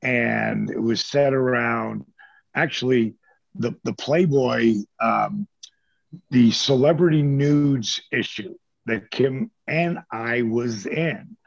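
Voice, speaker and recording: In a casual interview, a former wrestler tells stories, animated and swearing freely as he acts out the people he quotes. His mid-range voice is gravelly and he takes it slowly. There's no room sound, and the highs are cut off.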